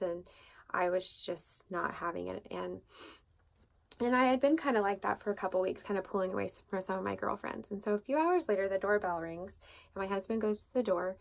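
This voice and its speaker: A woman hosts a devotional talk, telling a personal faith story in a loose, rambling way. Her mid-pitched voice has a steady gravelly fry. She keeps restarting and filling gaps as she goes. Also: brisk. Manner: conversational, rambling with fillers and restarts. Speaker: devotional podcast host.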